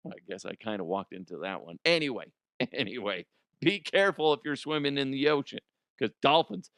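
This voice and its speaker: A man's voice: mid-range voice, expressive, moderate pace, fairly bright tone, clean tone, dry recording, clean studio sound. Rambling, giggly podcast host man. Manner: rambling, giggly, crude jokes. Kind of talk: comedic news podcast chat.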